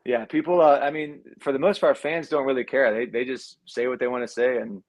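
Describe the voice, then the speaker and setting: Steady in tone and a little fast, a man in his thirties who once played quarterback in college tells loose, swear-filled stories as an interview guest. He comes from Cuban heritage and, in a relaxed way, voices other people's lines at a higher pitch.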